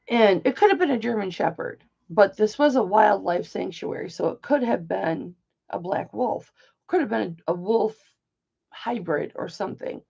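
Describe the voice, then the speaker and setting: A woman's voice: fairly low pitch, gravelly, a little mellow, husky. An older woman telling a rambling personal story in a chatty, casual way, full of asides, on dull lo-fi audio. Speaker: live auction host.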